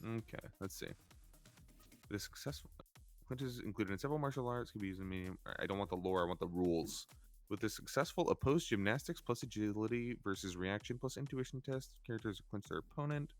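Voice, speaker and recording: A man's voice: on the low side, lively intonation, fairly quick, faint music behind. A man playing a tabletop game, thinking aloud as he looks up rules. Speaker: player.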